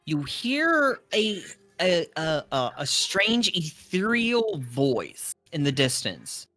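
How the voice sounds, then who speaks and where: A man running a tabletop game as dungeon master, narrating in a relaxed, hesitant way with restarts. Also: fairly high pitch, slow pace.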